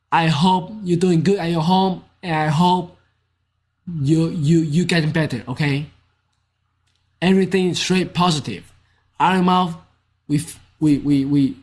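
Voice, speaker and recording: A man with a Mandarin Chinese accent, rambling and repeating himself in a streamed apology. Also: sits high. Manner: rambling, repetitive, halting. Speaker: streamer in a played clip.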